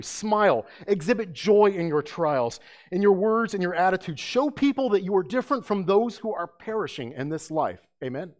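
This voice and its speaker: A man's voice: sits high, very animated, fairly quick. A man preaching an emphatic sermon as pastor, asking his listeners rhetorical questions.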